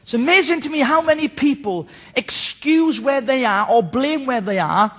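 Male preacher with a very high, bright voice who tells animated stories. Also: normal speed. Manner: animated, storytelling, mimics people. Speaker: pastor. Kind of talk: sermon.

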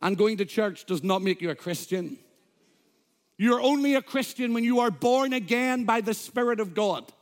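A man's voice: sits high, expressive, normal speed. A man, a Pentecostal pastor, preaching an emphatic sermon in church, quoting scripture and joking with the congregation.

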